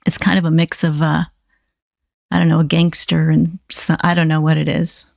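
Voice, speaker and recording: A woman puts on a male hand-puppet duck with a gangster edge. His voice is stuffy and nasal, like he has a cold, gravelly and pitched low. The sound is close and dry. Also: level tone, normal speed, darkish tone, dry recording. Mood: puzzled.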